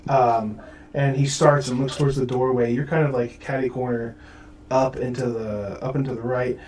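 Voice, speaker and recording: A man's voice: medium pitch, fairly even intonation, moderate pace, darkish tone. Guy running a tabletop game, lots of ums, kinda far off the mic, faint hiss. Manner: rambling, many fillers. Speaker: game master. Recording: roomy audio from far off mic.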